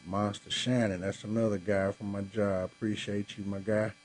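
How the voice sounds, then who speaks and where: In a fairly low, slightly mellow voice with little pitch movement and a moderate pace, a man hosts a live podcast from home near a Christmas tree. After a long day he's tired and yawning, chatting laid-back and directly with viewers and saying "y'all." It's a low-quality recording with slight background noise.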